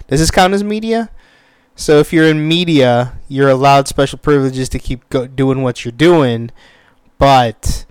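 A man rambles through a casual rant about a TV show, with plenty of ums and uhs and loud bursts of swearing. His voice sits fairly high and sounds smooth and clean. He is recorded close up in a dry, dead room. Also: dry recording. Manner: rambling with many fillers, swears a lot when worked up. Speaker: commentator on a TV show.

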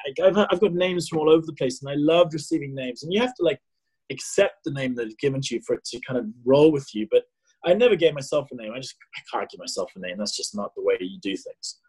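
A man from South Africa in his thirties, telling a personal story as a podcast guest, animated and full of fillers. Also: mid-range voice, quick pace, husky, low-quality recording. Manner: animated, acts out his own past dialogue, many fillers and restarts. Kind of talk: casual storytelling.

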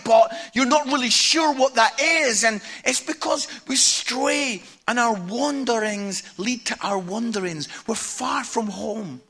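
High bright Scottish preacher. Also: male voice. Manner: conversational storytelling, tag questions like "yeah?"; swings from hushed to loud. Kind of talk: sermon. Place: church hall with audience.

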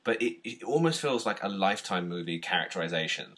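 A British man co-hosting a podcast, chatting casually about a film, animated, laughing often and restarting his sentences. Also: low-pitched, fast. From Britain. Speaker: podcast co-host.

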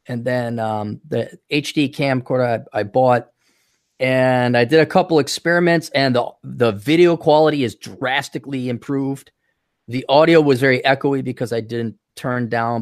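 A man's voice: medium pitch, no room sound, studio quality. A man hosting a casual podcast chat, talking in a rambling, self-deprecating way with lots of restarts. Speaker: podcast host. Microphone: desktop studio-style USB mic.

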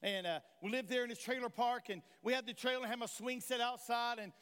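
Man, pastor, sermon, very high-pitched, impassioned, long church reverb. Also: steady tone, brisk, a bit bright, clean tone. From Tennessee, USA. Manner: impassioned preaching with rhetorical questions to the congregation. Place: church sanctuary.

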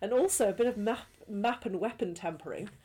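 A woman's voice: medium pitch, fast, mellow, slightly rough, low-quality recording. A woman co-hosting a casual podcast chat, chatty and amused. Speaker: podcast co-host.

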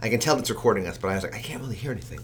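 A man's voice: lowish voice, animated, rapid-fire, background noise. A man co-hosting a podcast, chatting casually about a TV episode, joking and reading out his own notes. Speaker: podcast co-host. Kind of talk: casual chat recapping a TV episode.

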